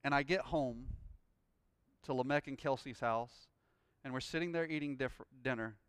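A man preaching a sermon, telling a personal story and rising into loud, joyful praise. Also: mid-range voice, normal speed, smooth, dry recording. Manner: exuberant, shouting praise. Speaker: pastor.

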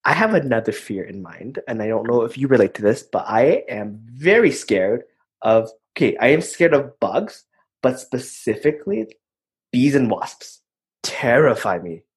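Young adult, casual podcast chatter, husky, very expressive pitch. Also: moderate pace. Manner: animated storyteller, many fillers. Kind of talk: casual chat.

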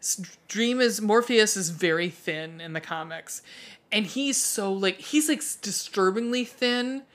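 A woman's voice: medium pitch, expressive, measured pace. A woman co-hosting a podcast in casual chat, swearing freely and gushing enthusiastically as she rambles. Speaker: podcast co-host.

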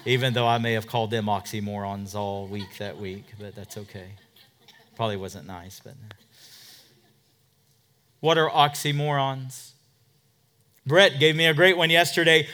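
A man pastor preaching a sermon, emphatic, swinging from loud declarations to hushed asides and asking rhetorical questions. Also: medium pitch, unhurried, long pauses, clean tone. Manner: asks the congregation rhetorical questions.

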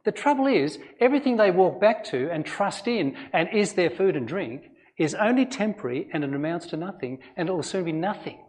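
A man's voice: high voice, animated, fairly quick, darkish tone. A man, a pastor giving an earnest, conversational sermon full of rhetorical questions. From Australia.

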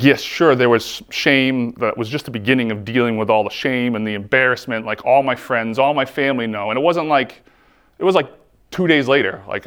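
A man telling his own faith testimony, earnest and heartfelt, with lots of "like" between his thoughts. His voice has a gravelly, creaky edge and sits at an ordinary middle pitch. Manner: earnest, heartfelt, frequent "like" fillers. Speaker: speaker giving a personal testimony.

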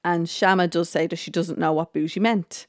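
A woman with a lowish voice hosts a podcast recap in a relaxed, chatty way. She hesitates with ums, restarts her sentences and slips into quoting what people said. The recording is close and dry, with no room sound. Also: normal speed, dry recording. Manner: chatty storytelling with frequent ums, restarts and quoted lines. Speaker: podcast host. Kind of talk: casual recap of a TV episode.

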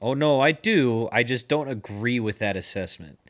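A man co-hosting a casual podcast, teasing his friends in a deadpan way. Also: medium pitch, normal speed. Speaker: podcast co-host. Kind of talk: casual banter. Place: podcast studio.

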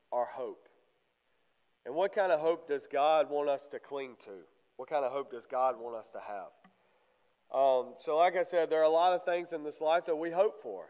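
A congested man preaching a sermon in church, halting often with fillers. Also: fairly high pitch, a little mellow, smooth, dull audio. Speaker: lay preacher. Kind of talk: sermon with prayer. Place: church sanctuary. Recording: long church reverb.

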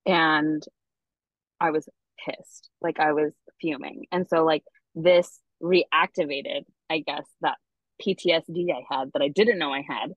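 A woman's voice: low-pitched, fairly even intonation, a little slow, dry recording, dull audio. A woman co-hosting a podcast, telling a story in a candid, profane, casual way with lots of fillers. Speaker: podcast co-host. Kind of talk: casual chat.

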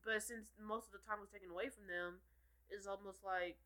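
Woman co-host, loose rambling chat, bright tone. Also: medium pitch, steady tone, fairly quick, poor audio. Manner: chatty, rambling with many fillers. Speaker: podcast co-host. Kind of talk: casual chat.

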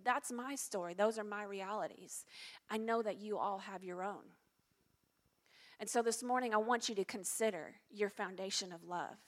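A middle-aged woman pastor preaches with a bright, forceful voice. She speaks earnestly and confessionally, sometimes dropping to hushed tones. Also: mid-range voice. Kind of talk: sermon.

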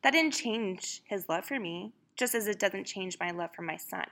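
A woman's voice: medium pitch, expressive, normal speed, creaky, fairly bright tone. A young mother in a casual devotional talk, speaking earnestly and conversationally with many fillers. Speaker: mother sharing a faith story.

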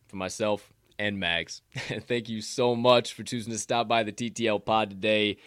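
Southern man, sports betting podcast co-host, lowish voice, dry close mic, loose and profane. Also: fairly even intonation, moderate pace, fairly bright tone, clear, resonant tone, dry recording. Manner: loose, profane, hyped sign-offs. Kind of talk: casual sports betting chat.

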